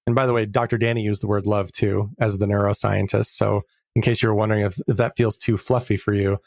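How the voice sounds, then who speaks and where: A middle-aged man with a low, gravelly voice speaks earnestly as a podcast guest. He is reflective and draws out his key words. The sound is dry and close to the mic. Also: little pitch movement, fairly quick, a little mellow, dry recording. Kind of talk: casual interview conversation.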